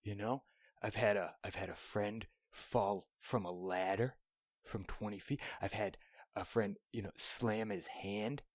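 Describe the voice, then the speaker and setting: A man's voice: on the low side, fairly even intonation, unhurried, dry recording. Young male podcast host, solo, profane storyteller who slips into whispers, dry small-room sound. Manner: profane, rambling, drops into whispers.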